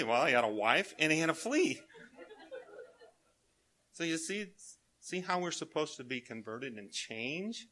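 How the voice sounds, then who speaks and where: An older man with grandchildren, preaching a sermon in a folksy way, telling family anecdotes and chuckling as he quotes children softly. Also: fairly high pitch, expressive, measured pace.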